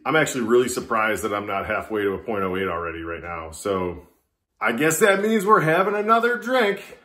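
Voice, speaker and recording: A man's voice: on the low side, very animated, a little fast, bright, forceful tone. A man vlogging casually to camera, chatty and self-mocking as he talks to himself. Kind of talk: casual drinking vlog. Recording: echoey room with music behind. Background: Irish music playing.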